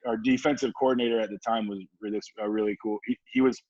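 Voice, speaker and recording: A man's voice: lowish voice, fairly even intonation, fast talker, darkish tone, no room sound. A laid-back man from Southern California tells a long story, full of fillers and easy laughter. His voice sits mid-range. The recording sounds dry and a little dull. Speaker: podcast guest, former football player. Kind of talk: casual storytelling.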